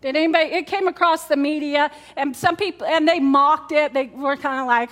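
A woman with a high, fairly bright voice speaks fairly quickly and with fairly even intonation. She is a pastor preaching to her congregation in church, keeping it conversational, repeating key words and putting questions to the room.

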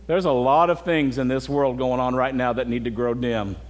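A man's voice: medium pitch, fairly even intonation, normal speed, in a large hall. A middle-aged man preaching a sermon as pastor, earnest and direct, often asking his congregation questions.

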